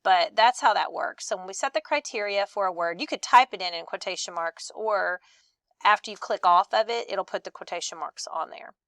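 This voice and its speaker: A woman teaching a screen-recorded software lesson, reading each instruction aloud and then demonstrating it step by step. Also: medium pitch, a little fast, vocal fry, no room sound.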